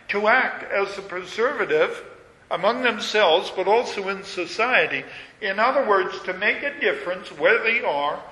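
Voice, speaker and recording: A man preaching a sermon, measured and emphatic, leaning on repetition. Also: sits high, pushed and bright. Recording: echoey hall with long reverb.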